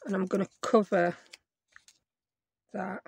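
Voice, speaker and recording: Brief: woman, croaky and gravelly, chatty craft host thinking aloud at her home desk. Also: medium pitch, fairly even intonation, slow pace, background noise. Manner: chatty, thinks aloud while she works.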